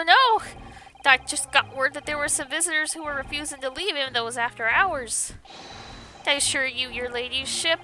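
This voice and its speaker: A woman voicing an excitable, bumbling male police inspector who blusters and gushes. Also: sits high. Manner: blustering, gushing. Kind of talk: game dialogue read aloud.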